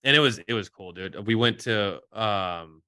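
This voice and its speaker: A man in his thirties, a former pitcher, chatting casually as a podcast guest and acting out the dialogue in his stories. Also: a little slow, clean tone, dry recording, clean studio sound. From Mexico. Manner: animated storyteller, acts out quoted dialogue. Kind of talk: casual chat.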